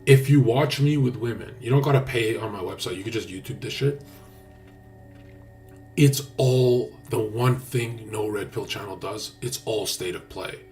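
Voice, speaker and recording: A man's voice: fairly low pitch, normal speed, darkish tone, soft background music. A man talking casually on a livestream, brash, boastful and profane. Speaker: streamer.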